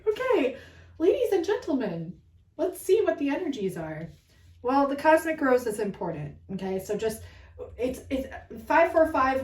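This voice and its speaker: A woman gives a spiritual card reading that turns into a heated, rambling rant full of swearing. Her voice sits a little high. She sounds distant from the mic, in a room with a lot of echo. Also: big pitch swings, normal speed, a little mellow. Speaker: spiritual reader. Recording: echoey room, far from mic.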